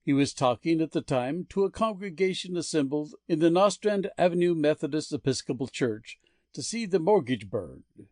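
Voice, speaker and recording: A man reading a story's narration in a plain, steady, scripted way. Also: a little high, moderate pace, no room sound, clean studio sound.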